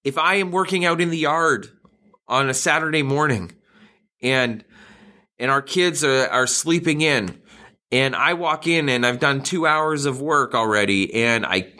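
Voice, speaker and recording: A man in middle age delivers a sermon in a relaxed, conversational tone. His voice is bright and forward, with a middle pitch. He jokes at his own expense and often restarts his phrases. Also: unhurried. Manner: conversational, self-deprecating humor with frequent restarts. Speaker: pastor.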